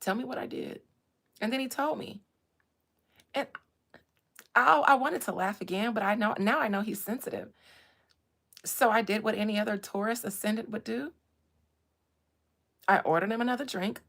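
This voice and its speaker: A woman hosting a casual chat about astrology and gossip, animated, swinging from low murmurs to loud bursts. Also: moderate pace, gravelly, long pauses. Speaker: host.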